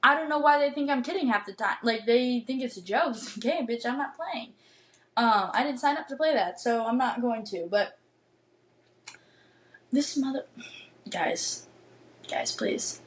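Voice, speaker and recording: A woman's voice: fairly high pitch, normal speed, rough recording. A young woman in her twenties hosting a podcast, telling a dating story in a blunt, emphatic rant full of swearing and "like" fillers. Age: 20s. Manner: emphatic, animated rants. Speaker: podcast host. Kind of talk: casual storytelling monologue.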